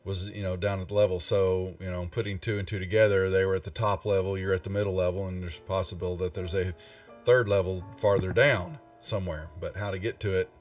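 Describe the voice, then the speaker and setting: A man, the game master, describing the scene in a tabletop game, halting and full of ums and restarts. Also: deep voice, fairly even intonation, recorded from a distance, faint music behind.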